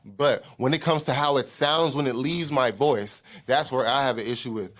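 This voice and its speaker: A young man co-hosting a podcast, animated and quick to jump in, repeating words as he works through a thought. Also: mid-range voice. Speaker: podcast co-host. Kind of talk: casual podcast discussion.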